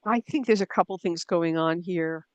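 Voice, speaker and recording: A woman's voice: fairly low pitch, normal speed, a little mellow, dry recording, muffled recording. A middle-aged woman, an author and writing coach, answering interview questions in a thoughtful, self-deprecating way with fillers and restarts. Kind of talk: conversational interview.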